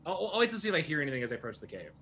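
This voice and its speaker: A man playing a tabletop game, talking casually and explaining his moves with quick restarts. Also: fairly high pitch, a little hiss or hum. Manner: lively, stumbling restarts. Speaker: player.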